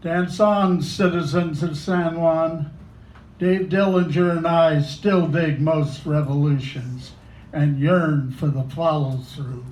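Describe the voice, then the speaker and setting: A man reading his poetry at a cafe open mic, deliberate and wry. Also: a little high, fairly even intonation, darkish tone. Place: small cafe. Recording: echoey cafe room.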